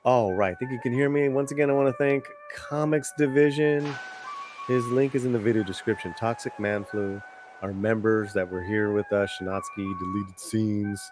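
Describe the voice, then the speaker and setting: A man's voice: lowish voice, steady tone, moderate pace, music in the background. A man hosting an online talk show, chatting loosely and reading a roll call of members. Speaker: show host. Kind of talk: casual chat and sign-off.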